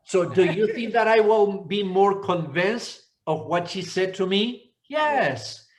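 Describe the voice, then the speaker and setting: A man in his sixties, a pastor from Argentina, teaching a church seminar in an unhurried, repetitive way. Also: high-pitched, lively intonation. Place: church hall. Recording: echoey church hall.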